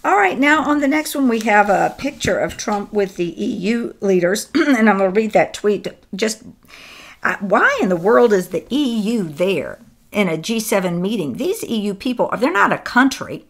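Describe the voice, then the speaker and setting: A woman's voice: mid-range voice, sing-song, moderate pace, gravelly. A woman co-hosts a political commentary chat in a casual, conversational way. She often agrees with her partner and reads text aloud in a mid-range voice. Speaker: co-host.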